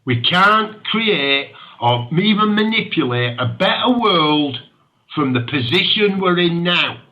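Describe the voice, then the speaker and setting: A man hosts an internet radio show, his voice pitched a touch high. His pitch swings widely as he rants with passion and breaks into laughter. The sound is dull and lo-fi. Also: lively intonation, takes it slowly. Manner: passionate, ranting, laughs often. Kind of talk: impassioned talk radio monologue.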